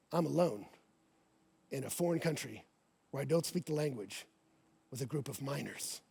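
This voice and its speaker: Animated high-voiced preacher telling a story. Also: male voice. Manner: animated, acts out quoted voices, swings from loud to hushed. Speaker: pastor. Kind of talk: sermon with storytelling. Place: church stage before a congregation.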